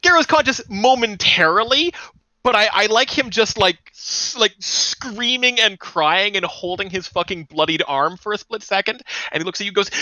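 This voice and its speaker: A man narrating as game master in a casual, profane, animated way. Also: high-pitched, no echo, low-quality recording.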